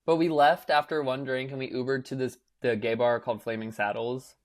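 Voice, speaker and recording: A young man with a mid-range voice talks fairly quickly while co-hosting a podcast. His chat is casual, and he tells an animated story, acting out quotes with many filler words.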